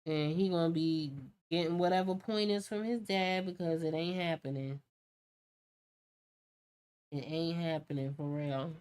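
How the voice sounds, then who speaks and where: A woman hosting a painting stream, a mother telling stories in a casual, animated way and acting out what others say. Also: sits low, a little slow, long pauses, smooth. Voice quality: animated storytelling, acts out quoted talk. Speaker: art channel host.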